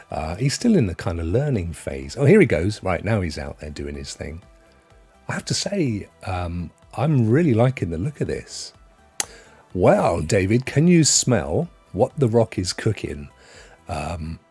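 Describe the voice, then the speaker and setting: Husky British man hosting a chatty stream. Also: on the low side, a little mellow. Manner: chatty, jokey, laughs often. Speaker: livestream host. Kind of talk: casual chat reading viewer comments.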